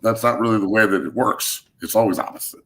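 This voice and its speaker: A man hosting a casual sports talk show, hoarse and blunt, swearing and joking. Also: on the low side, fast talker, fairly bright tone, a little hiss or hum.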